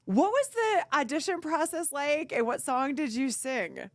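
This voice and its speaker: A woman's voice: high voice, animated, unhurried, dry recording. Upbeat woman radio host, dry studio sound. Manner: upbeat, chatty, asks rambling questions. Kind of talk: casual radio chat.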